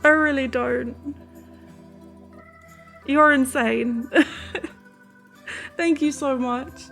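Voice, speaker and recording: Giggly, high-voiced woman streamer. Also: takes it slowly, gravelly, pauses often, fairly bright tone, soft background music. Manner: giggly, emotional, often laughing through tears. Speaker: game streamer. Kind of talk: live-stream chat.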